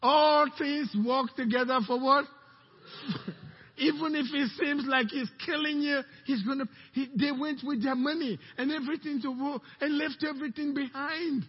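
A pastor preaching a sermon, questioning the congregation and calling out to them. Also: male voice, very high voice, fairly even intonation, a little slow, in a large hall, highs cut off. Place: church sanctuary.

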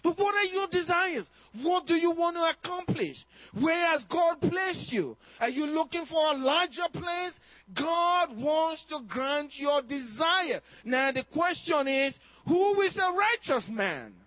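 A man with a very high voice preaches with emphasis, firing one question after another at his listeners. The recording is dry and somewhat dull and lo-fi. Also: animated, unhurried, dry recording. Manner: emphatic, asks the congregation questions, laughs now and then. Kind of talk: sermon.

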